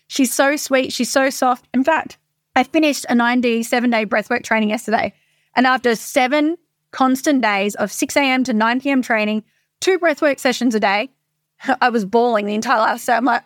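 A woman's voice: on the high side, moderate pace, no room sound, clean studio sound. A woman in her thirties, a coach, talking casually and candidly with frequent swearing, in a motivational monologue. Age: 30s.

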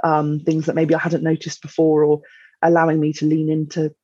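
A woman talks as a podcast guest, reflective and halting with many fillers. Her voice is husky and fairly flat in pitch. The recording sounds dull, dry and lo-fi. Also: no echo. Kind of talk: candid conversation.

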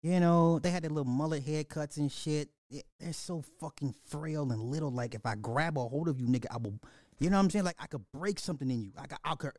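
Animated profane man ranting casually. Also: fast talker, no echo, clean studio sound. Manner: animated, profane, laughs often, swings between loud and low. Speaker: podcast host. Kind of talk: casual commentary rant.

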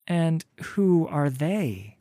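A man putting on a frightened young woman from a storybook, pitched high and tense, her words wary and guarded. She speaks slowly and evenly, in a dry, close voice. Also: big pitch swings, dark tone, no room sound, full character voice.

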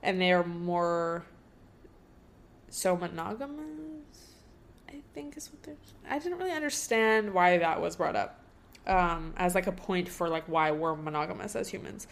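A woman's voice: fairly low pitch, lively intonation, measured pace, a little hiss or hum. A young woman hosting a casual solo podcast, thinking aloud in a rambling way with lots of fillers. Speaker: podcast host.

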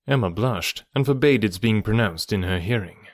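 A man's voice: on the low side, lively intonation, moderate pace, dry recording. Man narrating a classic novel, dry. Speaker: audiobook narrator. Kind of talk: scripted narration.

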